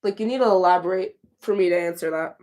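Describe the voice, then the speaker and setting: A woman livestreaming, answering her chat in a casual, chatty way with quick flustered restarts. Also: fairly low pitch, darkish tone.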